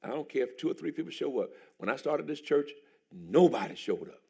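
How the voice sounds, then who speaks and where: A pastor preaching a sermon in a church, a man who jumps into a high excited voice and shouts as he tells stories. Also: a little fast, gravelly, slightly rough. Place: church sanctuary.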